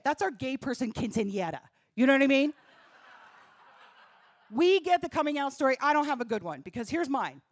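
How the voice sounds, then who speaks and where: A woman's voice: a little high, no echo, clean studio sound. A woman from New doing stand-up comedy on a comedy club stage, punchy and self-deprecating, talking straight to the crowd. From New Jersey.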